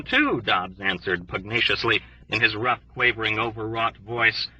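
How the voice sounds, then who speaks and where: Brief: male audiobook narrator, measured storytelling, husky edge, dry room, a bit off-mic. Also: fairly low pitch, animated, pushed and bright, distant mic, dull audio. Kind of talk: scripted narration.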